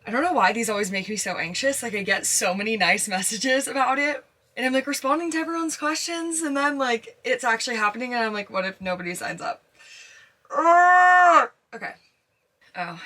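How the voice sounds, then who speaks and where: A young woman vlogging casually to camera from inside her camper van, chatty and excitable, full of filler words. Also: medium pitch, quick pace. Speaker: vanlife vlogger. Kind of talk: casual vlog talk to camera.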